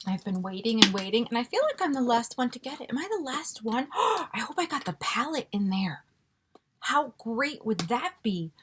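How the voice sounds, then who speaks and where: A woman vlogger chatting casually through a beauty box unboxing, gushing and excitable with frequent gasps. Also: a little high, very noisy. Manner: gushing and excitable, gasping often.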